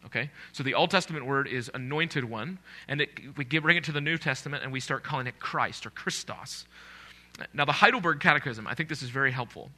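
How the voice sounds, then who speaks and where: A man's voice: mid-range voice, brisk, sharp tone. A man preaching a sermon in a conversational way, asking his congregation questions.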